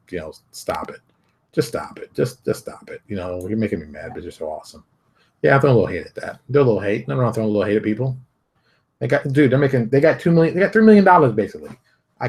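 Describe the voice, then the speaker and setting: A middle-aged man with a low, husky voice hosts his own daily show in a loose, joking way. He bursts out loud and then drops to a mutter, and the breath is always audible in his low tone. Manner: joking, theatrical asides, swings between loud outbursts and mutters. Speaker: show host. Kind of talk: casual daily show commentary.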